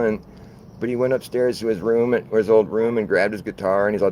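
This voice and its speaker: A man's voice: on the low side, level tone, fairly quick, darkish tone, a little hiss or hum, poor audio. A man talking in a loose, rambling monologue, laughing often and swearing casually as he goes. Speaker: channel host.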